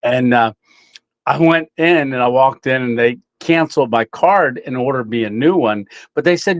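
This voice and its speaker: A middle-aged man chats loosely on a livestream, his talk full of "uh"s and easy chuckles. His voice sits at an ordinary pitch. The sound is dry and close, with no room around it. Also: moderate pace, no room sound. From Tennessee, USA. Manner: rambling, chuckling, many fillers. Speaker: livestream host. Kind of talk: casual live chat reading comments.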